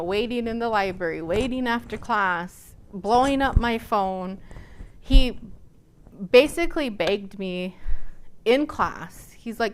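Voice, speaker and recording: A woman from Nebraska giving a lecture by telling a personal story, animated and acting out the dialogue she recounts. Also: fairly high pitch, smooth. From Nebraska, USA. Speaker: guest lecturer.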